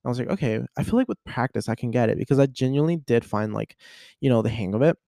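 A man's voice: mid-range voice, quick pace, creaky, dry recording, clean studio sound. A young man hosting a podcast, chatting casually and animatedly retelling a story, acting out the people in it. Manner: animated storyteller, acts out voices. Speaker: podcast host. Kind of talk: casual chat.

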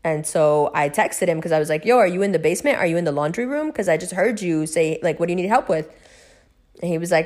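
This middle-aged woman vlogger talks briskly in a lowish voice, delivering a casual, meandering monologue about something that happened to her. She swears without restraint and alternates between loud bursts of excitement and hushed retelling.

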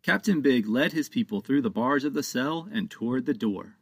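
A man's voice: medium pitch, lively intonation, normal speed, creaky, breathy edge, no room sound, clean studio sound. A man reading his own children's book aloud as an audiobook narrator.

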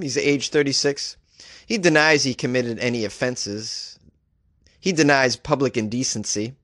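A man's voice: mid-range voice, fairly bright tone, dry recording, clean studio sound. Joking male comedy podcast host. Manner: joking, laughs at his own gags, acts out quotes in silly voices.

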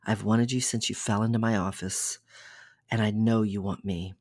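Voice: medium pitch, fairly even intonation, normal speed, a little mellow, no echo, studio quality, close to an everyday voice. A reader voicing an intense, controlling young man. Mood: persuasive.

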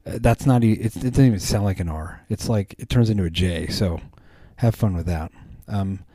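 A man's voice: low voice, moderate pace, dark tone, slightly rough, no echo. A man hosting a podcast, chatting casually in a rambling way with many ums and restarts. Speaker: podcast host. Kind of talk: casual chat.

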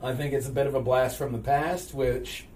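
A man hosting a casual podcast, telling stories with frequent loud laughter. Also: mid-range voice, normal speed. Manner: loud laughing, animated storytelling. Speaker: podcast host. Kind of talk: casual chat. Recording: distant mic, faint noise.

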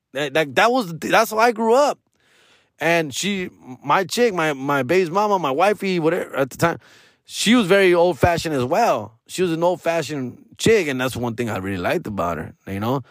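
A man's voice: fairly high pitch, normal speed, no room sound, studio quality. A man, telling stories casually, profane and slangy, dropping Spanish words. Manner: profane, slangy, code-switching into Spanish, animated quoting. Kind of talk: casual storytelling.

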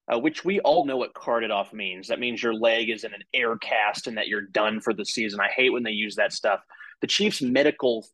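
A man's voice: mid-range voice, fairly bright tone, no echo, poor audio. A man co-hosting a casual sports podcast, talking in a loose, rambling way full of "like" and "uh" and swearing freely. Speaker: podcast co-host.

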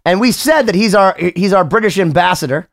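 A man's voice: high-pitched, expressive, fairly quick, fairly bright tone. A man hosting a podcast interview, talking in a rambling, enthusiastic way, swearing casually and circling back on his words. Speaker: podcast host.

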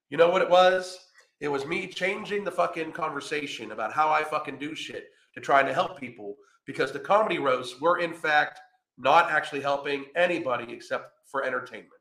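Profane, combative man with a bright voice. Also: on the high side, creaky, roomy sound. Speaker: podcast host. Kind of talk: ranting reaction commentary.

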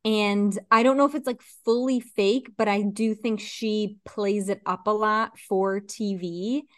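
A woman's voice: mid-range voice, fairly even intonation, unhurried, dry recording. A woman co-hosting a casual chat podcast, talking in a loose, chatty way with plenty of fillers and laughs. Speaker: podcast co-host.

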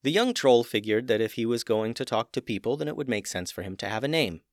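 A man narrating a children's fantasy story with expressive, dramatic storytelling. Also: medium pitch, fast talker, dry recording, studio quality.

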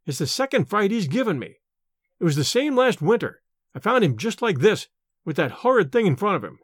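A man's voice: high voice, very animated, brisk, breathy edge, dry recording, clean studio sound, exaggerated voice. A man voicing a nervous young male student who is shaken and anxious, in a storybook reading.

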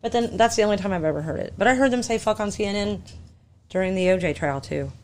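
A woman's voice: mid-range voice, fast, a little mellow. A woman co-hosting a podcast in casual chat, rambling and laughing as she talks. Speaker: podcast co-host.

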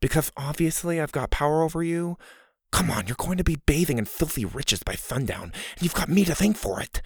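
A man voicing a pushy, cocky schoolboy who talks in a loud conspiratorial whisper. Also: fairly high pitch, animated, fairly quick, slightly rough, no room sound, voice pushed up.

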